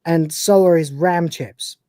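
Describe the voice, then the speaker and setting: A woman's voice: on the low side, measured pace, dark tone, no room sound. A woman co-hosting a live stream, giving a rambling, profane, casual recap of a TV episode and acting out its scenes. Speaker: podcast co-host.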